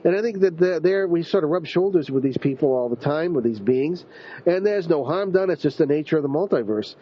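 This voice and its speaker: A man's voice: on the high side, expressive, brisk, slightly rough. Male host, casual rambling delivery, dull radio recording. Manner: rambling, with frequent ums and restarts.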